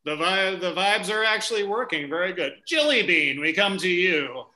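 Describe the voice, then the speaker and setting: A man's voice: high-pitched, lively intonation, moderate pace, over a noisy crowd, poor audio. A man hosting an improv comedy game show, playful and teasing with mock-formal banter.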